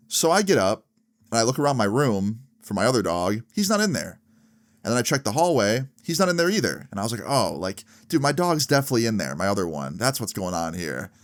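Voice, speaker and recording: Young guy in his twenties, lively storyteller, pitch jumps around, curses casually. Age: early 20s. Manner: animated, swearing, lots of "like" fillers. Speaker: vlogger. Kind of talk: storytime narration.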